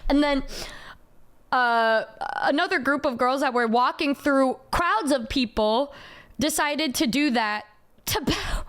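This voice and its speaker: High-voiced young woman telling a story. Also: slow pace. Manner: animated, heavy swearing, quotes people in raised voice. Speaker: streamer. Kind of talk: casual storytelling on stream.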